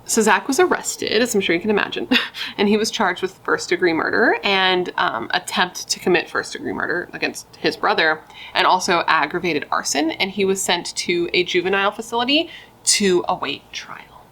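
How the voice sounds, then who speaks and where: A woman's voice: fairly low pitch, moderate pace, a bit bright, low-quality recording. A young woman telling a true crime story in a casual, blunt way, chatting and swearing with rambling asides.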